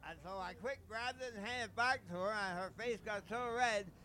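A man auctioneer from Pennsylvania Dutch Country, with a high voice that has a sharp, bright edge. He calls bids in a fast, rhythmic chant at a live sale. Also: slight background noise. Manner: rapid rhythmic bid-calling chant.

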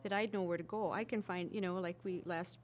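A woman's voice: fairly low pitch, a little fast, a little hiss or hum. Chatty older woman telling stories. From Minnesota Iron Range. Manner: chatty, animated anecdote-telling with frequent restarts. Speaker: interviewee. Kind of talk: casual oral-history storytelling.

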